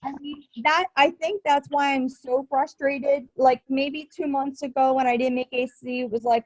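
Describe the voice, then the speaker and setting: A woman coach sharing her frustrations in a group call, speaking in a halting way with many restarts. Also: high-pitched, steady tone, no echo, poor audio.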